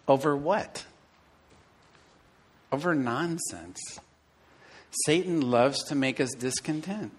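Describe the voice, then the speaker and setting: A middle-aged man preaching a sermon to his church, telling stories with animated, acted-out inner dialogue. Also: mid-range voice. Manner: animated storytelling, acting out his own inner voice. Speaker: pastor.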